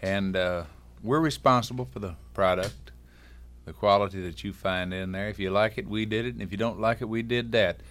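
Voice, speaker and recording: A man's voice: lowish voice, steady tone, moderate pace, fairly bright tone. Folksy wisecracking man. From Texas. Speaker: guest. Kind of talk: joking talk-show chat.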